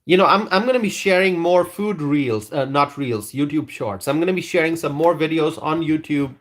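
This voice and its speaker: A man's voice: fairly high pitch, normal speed. Man, live-stream host, casual chat, hesitant, meandering, reads viewer comments. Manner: rambling, hesitant, with frequent restarts.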